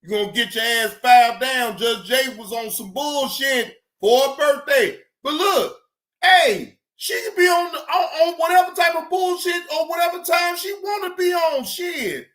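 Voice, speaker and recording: A man ranting loudly on a livestream, shouting and cursing as he retells chat exchanges. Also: extremely high pitch, moderate pace, echoey room. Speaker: streamer reacting to clips. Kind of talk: loud profane livestream rant.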